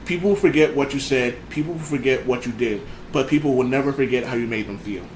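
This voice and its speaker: A man hosting a laid-back talk show, full of ums and restarts as he winds through a story. His voice sits at an ordinary middle pitch. The room is echoey, with a faint hiss of noise underneath. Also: fairly quick. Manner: rambling, many fillers and restarts. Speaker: podcast host. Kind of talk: casual chat.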